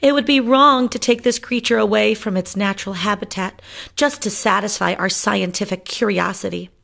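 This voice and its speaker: Storybook mouse heroine, young and earnest, very high and shrill, as a woman plays her. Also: fairly even intonation, moderate pace, gravelly, fairly bright tone. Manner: shrill when frightened.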